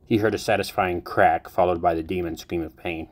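Brief: male narrator, very low voice, even storytelling pace. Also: brisk, few pauses. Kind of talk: fan fiction audiobook reading.

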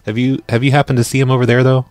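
A man hosting a live radio show and making prank phone calls, speaking deadpan and often stumbling over his words. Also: medium pitch, very fast, no room sound. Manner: deadpan, stammers and repeats words. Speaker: prank-call radio host.

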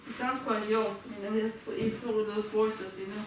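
A woman's voice: mid-range voice, fairly even intonation, normal speed. A woman chatting casually while cleaning her kitchen at home, repeating herself and swearing when frustrated. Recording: very echoey room, far from the mic, noisy.

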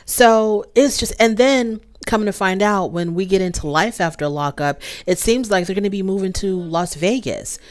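A woman's voice: medium pitch, moderate pace, hardly any pauses. A woman hosting a casual recap of a reality show, talking straight to the cast in an exasperated, scolding way. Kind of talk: casual review commentary.

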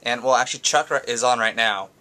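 A man's voice: mid-range voice, fast, sharp tone. A young man chatting casually in a home video blog, rambling with restarts and little laughs. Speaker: vlogger. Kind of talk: casual vlog chat.

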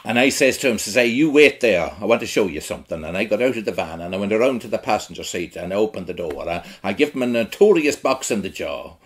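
Brief: middle-aged rural Irish man, husky low voice, blunt theatrical monologue. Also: lively intonation, fast, few pauses. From Ireland. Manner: blunt, earthy storytelling. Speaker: actor in a one-man show.

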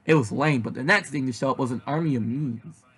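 A man reading a fan story aloud, animated in his delivery. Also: medium pitch, brisk, breathy edge. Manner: animated, with shouted outbursts. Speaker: reader.

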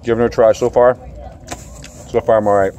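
A man with a lowish, mellow voice chats through a snack review in a loose, rambling way, stumbling over restarts and filler sounds. He is sweating from the spice, and faint background noise sits under his talk. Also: fairly even intonation, a little fast. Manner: rambling, hesitant, lots of uh and repeats. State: sweating from spicy food. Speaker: food reviewer. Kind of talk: casual chat.

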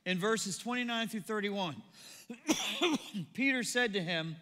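A man preaching a sermon as pastor, animated, acting out the people in the story as he goes. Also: sits high, slow, long pauses, in a large hall. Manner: animated, acts out quoted voices. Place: church auditorium.

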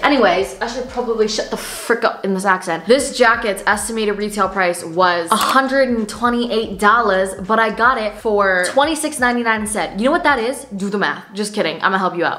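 A woman's voice: medium pitch, normal speed, hardly any pauses, a bit bright. A young woman vlogging a sponsored try-on haul, chatting in a bubbly, slangy way full of "like" and "literally". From Canada. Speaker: fashion vlogger. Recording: echoey room, faint noise.

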